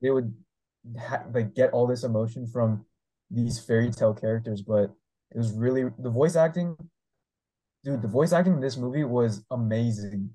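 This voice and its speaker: A man co-hosting a casual film review chat, measured and thoughtful. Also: mid-range voice, warm tone, rough recording. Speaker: podcast co-host.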